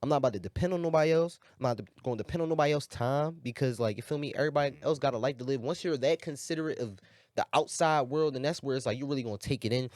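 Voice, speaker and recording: A man's voice: medium pitch, racing, a little mellow, dry recording, studio quality. A man, a musician guest in a casual podcast conversation, talking in slang with emphasis and often asking "you feel me".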